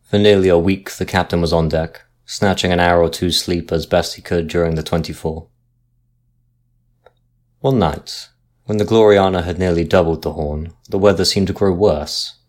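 Low-voiced guy reading a spooky sea tale, slow and dramatic. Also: fairly even intonation. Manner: measured, dramatic storytelling. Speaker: narrator. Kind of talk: scripted narration of a ghost story.

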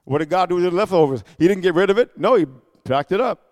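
A man preaching a sermon, animated and emphatic, calling out for responses and shouting at peaks. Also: sits high, fast talker. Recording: long hall reverb.

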